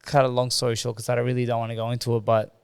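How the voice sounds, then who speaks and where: A man's voice: medium pitch, completely flat delivery, rapid-fire, smooth, no echo. An Australian man in his thirties, a podcast guest telling a painful personal story in loose, conversational speech, often replaying past conversations as dialogue. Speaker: podcast guest, former boxer.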